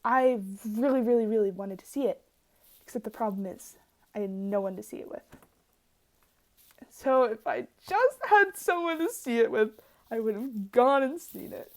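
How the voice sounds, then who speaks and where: Rambling, excitable young woman, slightly high voice. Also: normal speed. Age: young adult. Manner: rambling, excitable, laughs often, swears casually. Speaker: art student vlogger. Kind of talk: casual sketchbook tour vlog.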